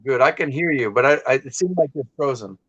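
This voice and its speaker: A man's voice: mid-range voice, expressive, quick pace, fairly bright tone, husky, dry recording, muffled recording. A man from California hosting a casual live stream, telling rambling stories with many restarts. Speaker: host.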